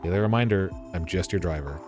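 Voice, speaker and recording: A man voicing a calm, blunt young woman detective who speaks matter-of-factly. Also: low-pitched, fast talker, over music, lightly acted. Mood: cool.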